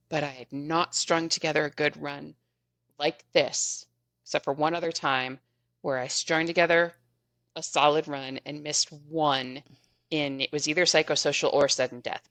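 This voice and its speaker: Woman guest on a podcast, kinda low voice, lively chatty storytelling, dry close sound. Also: no room sound. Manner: animated, chatty retelling with frequent laughs. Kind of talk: casual storytelling.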